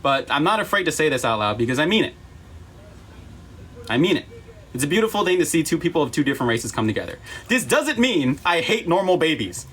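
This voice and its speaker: A man's voice: a little high, big pitch swings, fairly quick, a bit bright. A man talking earnestly on a livestream, emphatic and apologetic, repeating himself and close to tears.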